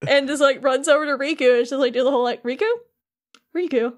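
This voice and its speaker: A woman's voice: high-pitched, racing. A woman co-hosting a podcast, casually recapping a story and acting out the characters' lines as she goes. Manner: animated retelling with quoted character voices. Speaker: podcast co-host. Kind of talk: casual chat recapping a game.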